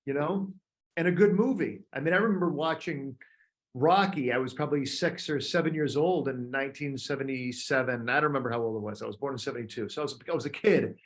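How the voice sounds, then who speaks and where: A man in his fifties, a coach talking casually to other coaches, telling animated stories and acting out little voices. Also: fast. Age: 50s. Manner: drops to a soft, low voice on key points. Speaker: coach leading a group call. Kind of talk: casual talk to fellow coaches.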